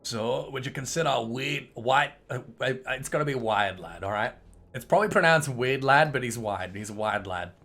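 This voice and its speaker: Gaming guy rambling jokes over a playthrough, gravelly bright voice. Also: mid-range voice, lively intonation, normal speed. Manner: chatty, jokey, rambling with fillers. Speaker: gaming streamer. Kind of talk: casual let's-play commentary.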